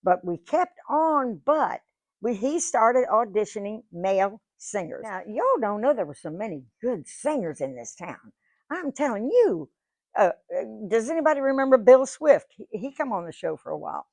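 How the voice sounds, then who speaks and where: A woman's voice: fairly high pitch, very animated, normal speed, a little mellow, no room sound. A woman, telling stories to a live audience in a chatty, folksy way with many restarts. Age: 90s. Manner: chatty, folksy, repeats words and restarts often. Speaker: guest speaker, singer. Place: museum lecture room.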